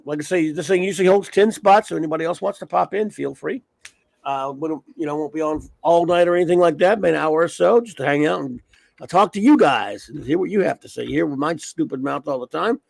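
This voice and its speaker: Man, livestream host, rambling casual chat, gravelly, dry close mic. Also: a little high, no room sound. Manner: rambling, reads off viewer names, loose.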